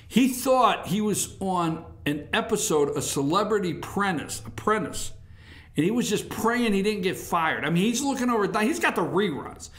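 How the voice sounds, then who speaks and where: A man's voice: sits high, bright, forceful tone, reverberant. A man hosting a talk show, ranting through sarcastic political commentary.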